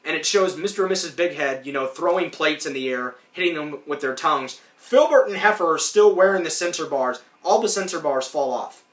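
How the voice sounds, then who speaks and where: Podcast host, man, tense bright tone, casual rambling recap. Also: on the high side, lively intonation, fairly quick, few pauses, echoey room, far from the mic. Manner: rambling, acts out lines in put-on voices. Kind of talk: casual recap of a cartoon episode.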